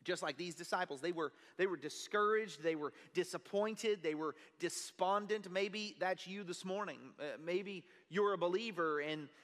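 A man's voice: high-pitched, normal speed, few pauses, fairly bright tone. Pastor guy telling a story in his sermon, long echoey church reverb. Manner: conversational, earnest storytelling. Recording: long reverb of a large hall.

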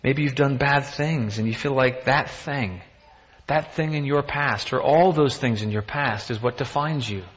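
A man's voice: mid-range voice, unhurried. A man giving a sermon in a conversational manner, piling up rhetorical questions and throwing in self-deprecating asides. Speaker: pastor. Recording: dull sound with long reverb from a hall.

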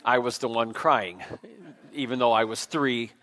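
Male pastor, mid-pitched, informal self-deprecating sermon delivery in a church. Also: fairly even intonation, measured pace, bright, forceful tone, a little hiss or hum. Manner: conversational, self-deprecating, with frequent fillers and restarts. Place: church sanctuary.

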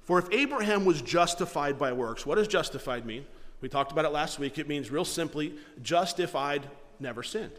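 A man preaching to his congregation, his fairly high voice carrying through a church hall with a long reverb. He teaches earnestly, posing rhetorical questions and circling back over his words. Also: expressive, normal speed, fairly bright tone. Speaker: pastor. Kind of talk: sermon.

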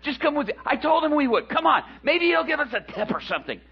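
A man voicing Peter, a stubborn, sarcastic adult fisherman, mocking and often shouting, on a dull lo-fi recording. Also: very high voice, big pitch swings, fast talker, voice pushed up. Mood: sarcastic pleading.

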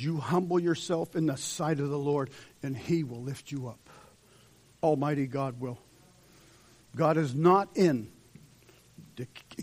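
Leading into an altar call, this male pastor preaches with passion in a church sanctuary and voices dramatic quotes. He has a fairly high, slightly mellow voice.

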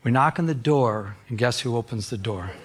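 A middle-aged man, a pastor, preaching a sermon and telling a personal story in an earnest, animated way, often stumbling on "I". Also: mid-range voice, normal speed, crowd noise.

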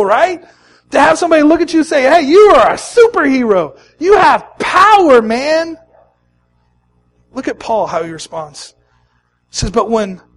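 A middle-aged man preaching a sermon as pastor, moving between hushed, quiet lines and loud, emphatic ones. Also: sits high.

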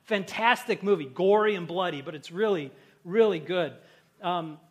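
A pastor preaching a conversational sermon and joking with the congregation. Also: male voice, high-pitched, normal speed.

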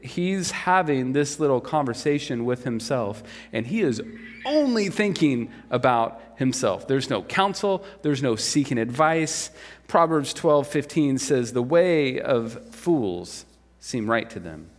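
A man preaching a sermon as pastor in a relaxed, conversational way, often asking rhetorical questions. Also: mid-range voice, unhurried. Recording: long reverb of a large hall.

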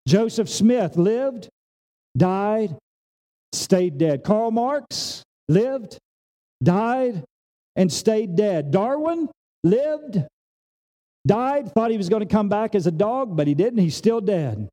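Dark-voiced preacher, swinging high to hushed. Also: male voice, animated, slow. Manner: swings between raised emphatic lines and low hushed ones; plain, conversational preaching with everyday examples. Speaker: pastor. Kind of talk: sermon. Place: church service.

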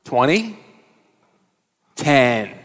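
A man's voice: medium pitch, very animated, very slow, a bit bright, long reverb tail, exaggerated voice. A man voicing Abraham as a persistent bargainer, wheedling and haggling.

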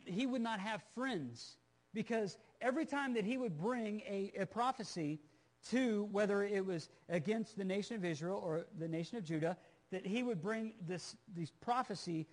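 A man's voice: high-pitched, a little mellow. A man preaching a Bible-teaching sermon, earnest and emphatic, repeating phrases for stress and talking directly to his listeners. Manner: conversational asides to the listeners.

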